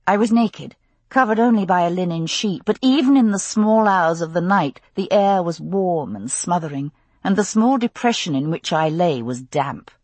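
A woman narrating a novel in the first person, in an expressive, intimate storytelling manner. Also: fairly low pitch, moderate pace, breathy edge, no room sound. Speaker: audiobook narrator.

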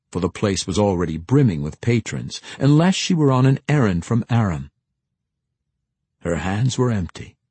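A man narrating a fantasy novel as an audiobook, in measured storytelling, lightly voicing the characters. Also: medium pitch, a little mellow, slightly rough, dry recording.

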